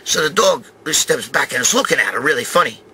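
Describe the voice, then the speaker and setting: A man in his fifties hosting a show, telling a rambling story, swearing constantly in an animated, streetwise way. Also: medium pitch, a little fast, background noise. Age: 50s. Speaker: show host. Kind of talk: profane rambling anecdote.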